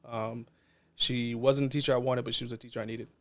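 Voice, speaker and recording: A man's voice: medium pitch, flat delivery, brisk, a bit bright. A man, a non-profit co-founder, telling a personal story in a casual interview in an earnest, reflective way.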